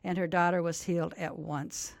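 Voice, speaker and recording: A woman's voice: on the low side, flat delivery, normal speed, creaky, no echo. An older woman, a Bible teacher, explaining a scripture story earnestly as a guest on a talk program. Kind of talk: radio interview, storytelling.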